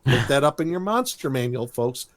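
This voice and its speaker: Man, podcast co-host, animated cartoon recap, laughs often, mid-pitched voice. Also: moderate pace. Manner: animated storytelling, briefly imitates characters with laughs. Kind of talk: casual cartoon episode recap.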